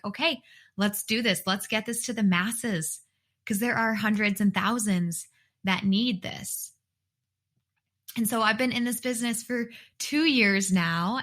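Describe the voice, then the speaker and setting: A woman's voice: mid-range voice, fairly bright tone. A woman in her thirties hosting her own podcast alone from her bedroom, talking in an earnest, heartfelt way and repeating words for emphasis. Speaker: podcast host and dietitian. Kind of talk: solo podcast monologue.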